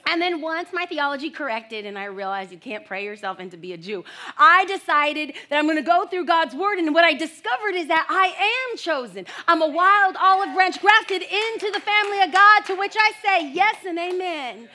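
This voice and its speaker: Young woman preaching, high bright voice, gets loud and excited telling stories. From United States. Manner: animated storytelling, bursts of loud excited shouting. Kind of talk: sermon.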